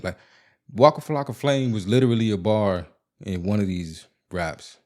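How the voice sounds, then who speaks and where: A man's voice: deep voice, normal speed. Blunt, profane podcast host, a man. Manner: blunt and profane, animated storytelling. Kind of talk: casual solo monologue, venting.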